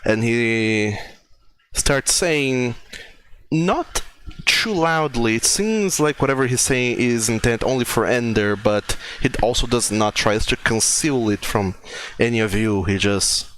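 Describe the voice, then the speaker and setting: A man narrating scenes as game master, relaxed and laughing easily. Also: mid-range voice, measured pace, slight background noise.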